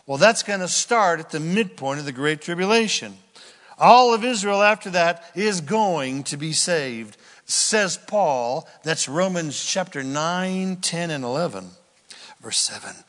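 A man's voice: sits high, lively intonation, unhurried, a bit bright, long reverb tail. A man preaching a sermon, teaching through Bible verses and acting out the people in them. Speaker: pastor.

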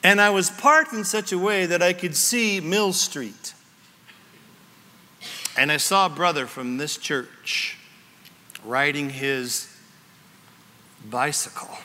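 A man preaching a sermon as pastor, telling stories with sudden shouts and hushed whispers. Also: a little high, slow, pauses often, slight background noise. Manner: animated storytelling, shifting from shouts to whispers. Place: church sanctuary. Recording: long reverb of a large hall.

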